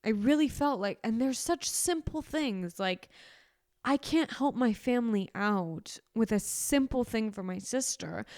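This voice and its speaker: A woman's voice: a little high, a little mellow, no echo, studio quality. Young woman rambling through a stressful story. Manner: rambling, self-correcting, emotional storytelling. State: sick. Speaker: podcast co-host. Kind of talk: casual chat.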